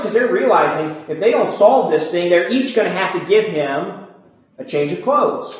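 A man preaching a sermon, retelling a scripture story in a lively way and acting out the characters' lines. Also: high-pitched, moderate pace, echoey room. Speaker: pastor.

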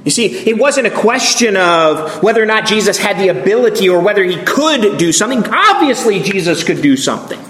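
A man preaching a sermon, reading scripture with lively expression and voicing the people in the story. His voice sits high and rings around a reverberant room. A faint hum of ambience runs underneath. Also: brisk, hardly any pauses. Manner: expressive Bible reading, acting out quoted voices. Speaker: pastor.

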